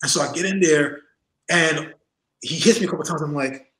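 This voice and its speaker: A man in his forties, an interview guest telling stories in a lively, laughing way and acting out the voices of people in them. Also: on the high side, moderate pace, reverberant, low-quality recording. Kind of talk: casual storytelling in an interview. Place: home room.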